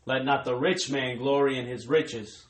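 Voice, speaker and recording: A man's voice: medium pitch, fairly even intonation, a little slow, roomy sound, poor audio. Man reading scripture from farther off. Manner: formal, declaiming reading. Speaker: scripture reader. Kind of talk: reading Bible verses aloud.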